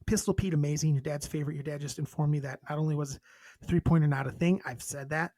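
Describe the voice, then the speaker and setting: A man's voice: a little high, fairly even intonation, fast, dark tone, no room sound. A man co-hosting a podcast in casual chat, reading a list aloud and cracking crude jokes between items. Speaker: podcast co-host.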